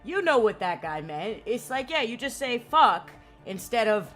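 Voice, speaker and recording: A woman's voice: a little high, very animated, moderate pace. A young woman streaming a game, chatting casually and rambling with lots of "like" and cursing. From United States. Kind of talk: casual gaming commentary. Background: faint game music.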